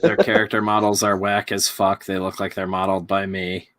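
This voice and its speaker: A man's voice: low voice, level tone, fairly quick, a bit bright, no room sound. A young man co-hosting a podcast, chatting casually with crude jokes and frequent laughter. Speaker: podcast co-host. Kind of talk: casual chat.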